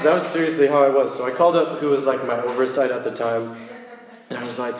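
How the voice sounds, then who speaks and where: A young man preaching a sermon in a church, casual and animated as he tells stories. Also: medium pitch, fairly quick, reverberant, big-room sound.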